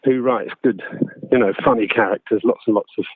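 A man, a voice actor and audiobook narrator, chatting casually in an interview, self-deprecating and quick to laugh. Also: on the low side, fairly even intonation, slightly rough, no room sound. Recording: tinny phone line, dry.

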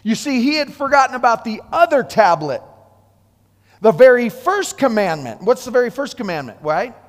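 A man with a high voice preaches a sermon, shifting from hushed lines to loud, animated bursts and acting out the people he quotes. His voice rings with a long reverb from a church hall. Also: moderate pace.

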